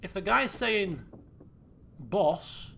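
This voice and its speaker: Over game music and slight background noise, a man streams a detective game, pondering aloud and asking himself questions as the clues come together. His high voice is very animated, a bit bright and creaky, and extremely slow.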